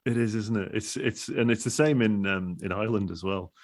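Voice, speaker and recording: A man's voice: lowish voice, fairly quick. A man hosting an interview, talking casually with many restarts and laughs. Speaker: podcast host.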